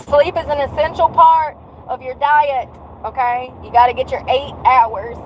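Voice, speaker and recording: A woman's voice: high voice, steady tone, measured pace, a little hiss or hum, rough recording. A woman around forty, venting in a blunt, sarcastic, profane vlog rant while out walking. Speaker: vlogger.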